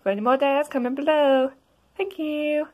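A woman's voice: sits high, steady tone, moderate pace, phone-quality sound. A woman talks casually as a video creator, giggling and apologizing while she introduces a dare acted out with plush toys.

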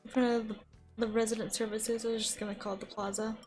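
A chatty young American woman talking over her game on a live stream, her voice sitting a little high. She thinks aloud, gasps and laughs often, close to a desk mic with faint music behind. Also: little pitch movement, quick pace, darkish tone. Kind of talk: casual live-stream chat while gaming. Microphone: desk microphone.

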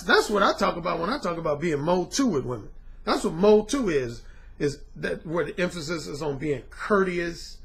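A middle-aged dating coach talks to his viewers in a blunt, casual way, repeatedly saying "man" and dropping slang. His voice is a little high, creaky, and somewhat bright.

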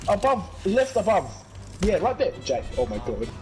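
A young man gaming with friends, making drawn-out, incredulous callouts and laughing. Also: high voice, big pitch swings, a little mellow. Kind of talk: excited gaming banter. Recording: voice with game music behind.

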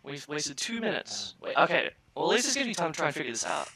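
A man's voice: a little high, quick pace. A young man streaming a team game, chatting casually, swearing and cheering his team on. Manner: excitable, swears, cheers loudly. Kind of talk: casual gaming chat with callouts.

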